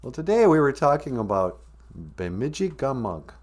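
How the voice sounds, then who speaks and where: A man's voice: medium pitch, very animated, normal speed, darkish tone. A man from northern Minnesota hosting a comedic live-stream podcast, joking and teasing. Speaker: podcast host.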